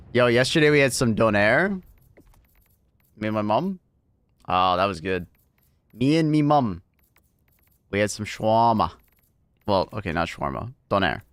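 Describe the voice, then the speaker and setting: A man chatting casually on a livestream, laughing often and thanking viewers excitedly. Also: fairly low pitch, clear, resonant tone, no room sound, studio quality. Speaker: streamer.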